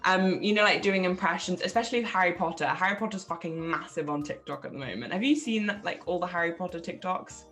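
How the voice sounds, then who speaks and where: A woman's voice: on the low side, fast, hardly any pauses, a bit bright. A woman co-hosting a podcast, chatting casually, swearing freely and laughing at herself. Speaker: podcast co-host. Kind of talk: casual chat.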